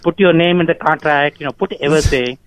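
Older male business owner, a touch high-pitched, defensive, indignant, repetitive fillers. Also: quick pace, no echo, poor audio. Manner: defensive and indignant, full of "you know" and "man". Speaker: business owner being pranked.

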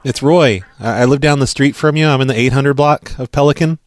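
A man making a prank phone call, talking in a pushy, deadpan, matter-of-fact way. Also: medium pitch, fairly quick. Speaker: prank caller.

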